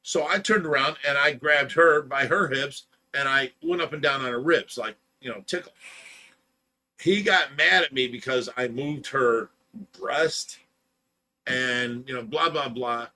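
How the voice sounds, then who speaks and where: Hosting a livestream, a man casually tells a long, rambling story packed with "you know" and "blah blah," growing heated as he retells an argument. His voice is medium-pitched, bright, and forceful, at a measured pace.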